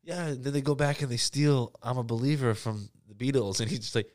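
A man's voice: medium pitch, fairly quick, a little mellow. A man hosting a casual comedy podcast, joking around, laughing often and breaking into silly sung bits. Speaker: podcast host.

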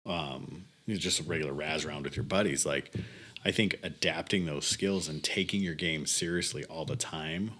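A man's voice: a bass voice, normal speed, fairly bright tone. A young man co-hosting a podcast in laid-back casual chat, laughing often and trailing into fillers. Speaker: podcast co-host.

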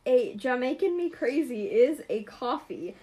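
A young woman co-hosting a podcast in casual chat, giggly and quick with puns. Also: sits high, very animated, warm tone. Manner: giggly, punning, quick bursts. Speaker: podcast co-host.

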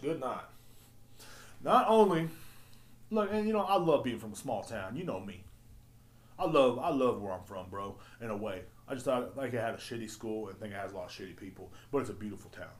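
A man ranting profanely and rambling as a podcast host. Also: mid-range voice. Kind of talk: casual solo rant. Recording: roomy echo.

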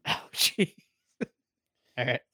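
A man's voice: slow, sharp tone, dry recording. Man, podcast co-host, casual chat, dry close mic.

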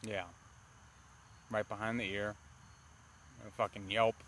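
A man co-hosting a casual movie review podcast, talking in a rambling, animated way with plenty of swearing. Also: lowish voice, takes it slowly, slight background noise. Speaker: podcast co-host.

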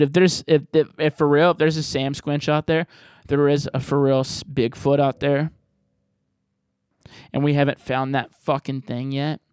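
A man with a voice pitched a bit high runs his podcast in a loose, rambling, cussing ramble. The sound is bone-dry and close to the mic. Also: clean tone, no echo. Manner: rambling, profane, jokey and loud. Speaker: podcast host answering voicemails. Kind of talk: casual podcast chat.

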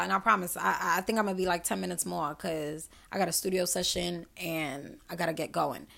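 Fiery, gravelly-voiced woman podcaster. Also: fairly low pitch, steady tone, normal speed, fairly bright tone, slight background noise. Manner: emphatic, profane, preachy, addresses listeners directly. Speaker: podcast host. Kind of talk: passionate solo podcast monologue.

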